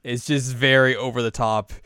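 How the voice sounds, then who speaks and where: A man's voice: mid-range voice, little pitch movement, normal speed, pushed and bright, smooth, no echo, clean studio sound. A young man co-hosting a podcast, recapping an anime episode in a chatty, filler-heavy way. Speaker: podcast co-host.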